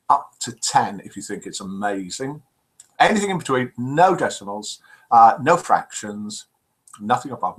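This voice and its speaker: Older man, live chat host, teasing, reads out comments, animated, bright tone. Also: a little high, husky, low-quality recording. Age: over 50. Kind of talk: casual live-stream chat reading out messages.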